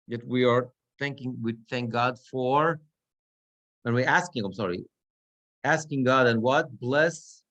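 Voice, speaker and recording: A man's voice: mid-range voice, sharp tone. A cantor and rabbi teaching a class on prayer chanting. He explains step by step and often asks "right?" to check that his students follow.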